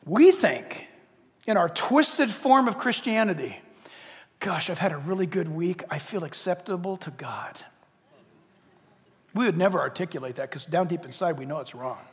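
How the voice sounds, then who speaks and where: Older male pastor, sermon delivery, lively swinging pitch, long hall reverb. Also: moderate pace. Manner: animated, swings from hushed to shouting.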